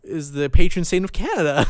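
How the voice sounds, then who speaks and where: A brash man hosting a radio show, mocking and profane, with a high, lively voice that leaps around as he jokes. His tone is smooth and clear, recorded close on a dry studio mic. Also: brisk, no room sound. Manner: brash, profane, mocking, jumps into falsetto mimicry. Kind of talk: crude casual banter.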